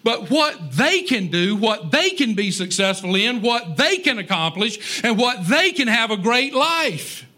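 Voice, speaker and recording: A man's voice: high-pitched, pushed and bright. A man preaching a sermon in a folksy, conversational way, with joking asides to the congregation. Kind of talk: sermon on parenting.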